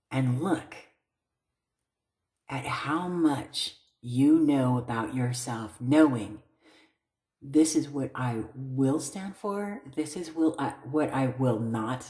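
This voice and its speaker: Deep-voiced woman reading tarot, blunt. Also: darkish tone, reverberant. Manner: blunt and emphatic, often checks in with "okay?". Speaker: tarot reader.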